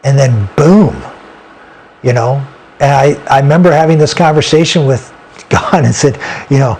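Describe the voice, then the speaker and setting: A man as an interview guest, telling a personal story in an earnest, halting way with frequent restarts. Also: mid-range voice, a little mellow, breathy edge.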